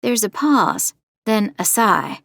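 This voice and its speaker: A wary, determined young podcaster who tells her story in a measured, confiding voice. Her pitch sits in the middle range for a woman. The sound is close and dry, with no room around it. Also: very animated, vocal fry, a bit bright, dry recording, heavily acted. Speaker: narrator. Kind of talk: first-person audio drama narration.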